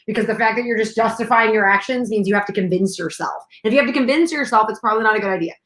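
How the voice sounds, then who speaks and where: A woman hosting a casual live chat, animated and talkative, jumping from topic to topic. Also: a little high, very fast, echoey room. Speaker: host.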